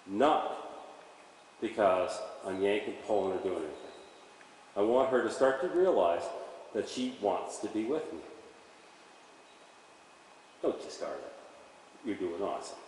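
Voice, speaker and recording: A male horse trainer giving an energetic, animated demonstration and coaxing his horse as he works. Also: mid-range voice, slight background noise. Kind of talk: instructional demonstration. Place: riding arena at a stable. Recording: echoey hall from far off.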